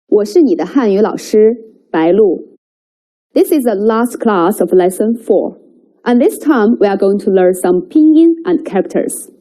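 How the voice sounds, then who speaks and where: Slow, mellow woman teaching Chinese. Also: mid-range voice, lively intonation, low-quality recording. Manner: slow, careful enunciation of example words. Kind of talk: language lesson with read-aloud drills.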